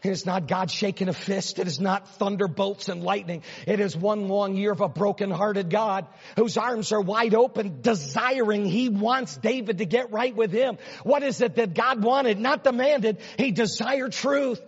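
A man preaching a sermon in a large church, swinging from hushed near-whispers to loud, emphatic runs, repeating words and piling up rhetorical questions. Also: high-pitched, normal speed, hardly any pauses, slightly rough. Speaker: pastor. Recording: dull, reverberant hall sound.

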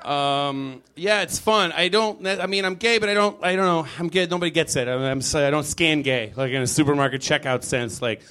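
A man doing a live stand-up set in a comedy club, rambling loosely and leaping into loud booming character voices. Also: a little fast, hardly any pauses, slight background noise. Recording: live club recording with audience laughter. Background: audience laughing.

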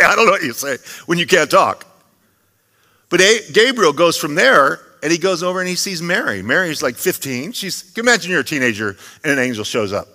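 A man's voice: fairly high pitch, lively intonation, moderate pace, sharp tone. A male pastor preaching a sermon in a church, talking in a conversational way with joking asides. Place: church sanctuary. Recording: long reverb of a church hall.

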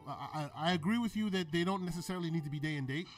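A man's voice: on the high side, rapid-fire, music in the background. A man hosting a gaming podcast in casual talk, agreeable and conversational, often chiming in to affirm. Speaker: podcast host. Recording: voice distant from the mic.

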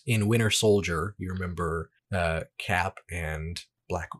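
Low raspy guy on a podcast, casual movie recap, lots of um and like. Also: unhurried, fairly bright tone. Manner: rambling, many fillers, acts out dialogue. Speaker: podcast co-host. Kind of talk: casual chat recapping a film.

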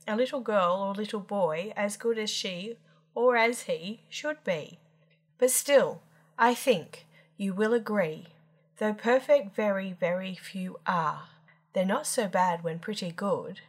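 A woman storyteller reading children's rhyming poems aloud with lilting, playful emphasis. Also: medium pitch.

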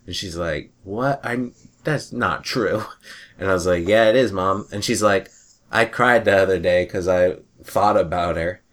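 A man's voice: low voice, steady tone, moderate pace, a bit bright. A man in casual chat with friends, telling stories animatedly and laughing often.

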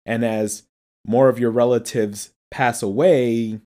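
A relaxed podcast co-host compares two films in easygoing, casual talk. The voice is warm and mellow, and the thoughts come out as they form. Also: mid-range voice, slow. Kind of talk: casual movie discussion.

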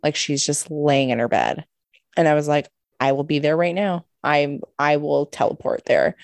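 A woman co-hosting a podcast, telling a story in a lively, casual way, swearing freely and acting out what people said. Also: low voice, normal speed, creaky, dry recording. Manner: animated, swears a lot, acts out quotes. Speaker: podcast co-host.

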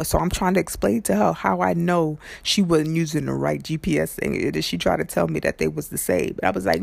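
A man's voice: fairly high pitch, brisk, vocal fry, few pauses, no echo. New guy ranting a story on his podcast, close dry mic, acts out everyone. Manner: chatty, animated, acts out quotes. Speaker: podcast host. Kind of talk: casual storytelling.

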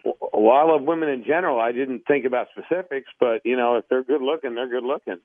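A man's voice: medium pitch, fast, no echo. A man talking on a phone call, earnest and stammering through restarts. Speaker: caller on the line. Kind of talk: phone conversation. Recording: dry tinny phone line.

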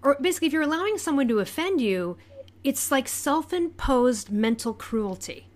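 A woman's voice: high voice, animated, moderate pace. Blunt, frank woman co-host. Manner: frank, blunt, rhetorical questions. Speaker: podcast co-host. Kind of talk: casual chat.

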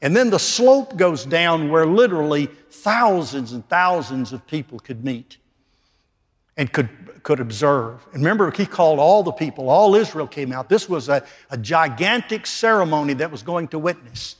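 A man's voice: on the high side, animated, moderate pace. Man preaching in a reverberant hall. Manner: emphatic preaching, swings from loud to quiet. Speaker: pastor. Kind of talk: sermon. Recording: long reverb of a large hall.

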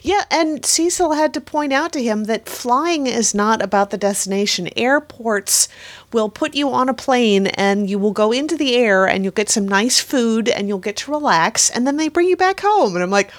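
A woman's voice: a little high, lively intonation, moderate pace. A woman co-hosting a podcast, enthusiastically recapping an episode in casual, run-on talk with frequent laughs. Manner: enthusiastic, laughing, talks in long run-on thoughts. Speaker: podcast co-host.

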